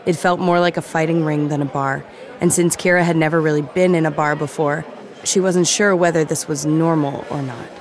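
A narrator reading a story aloud in a steady, even storytelling manner. The voice sits at a middle pitch throughout. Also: brisk, some chatter behind. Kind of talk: audiobook narration.

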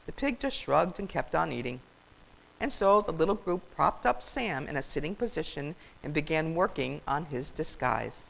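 An older woman reading a children's story aloud as a grandmotherly storyteller, in a warm, expressive way. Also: low voice, normal speed, vocal fry, poor audio.

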